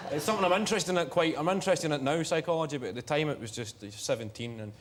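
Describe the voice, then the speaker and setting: A man in his twenties with a thick Glaswegian Scottish accent, a talk show guest telling comic stories in a dry, deadpan way. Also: a little high, fast. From Scotland. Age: 20s. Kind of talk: comic anecdote. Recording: noisy TV studio.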